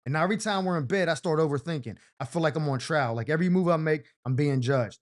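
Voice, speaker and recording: A man with a fairly high-pitched voice hosts a comedic advice segment. He reads viewers' letters and riffs on them in animated, slang-heavy storytelling, swinging into playful voices for the people he quotes. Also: quick pace. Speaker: advice show host.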